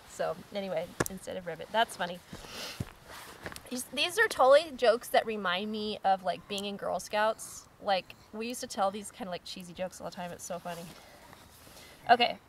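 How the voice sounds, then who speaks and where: A woman's voice: mid-range voice, expressive, moderate pace, slight background noise. A woman hosting her channel, casually reading out viewer-submitted jokes and giggling at them. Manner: giggly, breaks into laughter while reading. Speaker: channel host.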